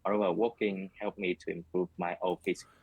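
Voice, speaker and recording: A man's voice: deep voice, flat delivery, fast talker, darkish tone, husky, rough recording. A man answering speaking test questions in a hesitant way, heard through a played-back recording of the test. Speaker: exam candidate.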